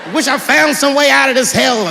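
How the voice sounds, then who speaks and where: A middle-aged man doing stand-up storytelling on a theater stage, animated and profane, with exasperated outbursts. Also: extremely high pitch, fairly quick, vocal fry, slight background noise. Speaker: stand-up comedian. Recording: theater hall reverb with faint audience ambience.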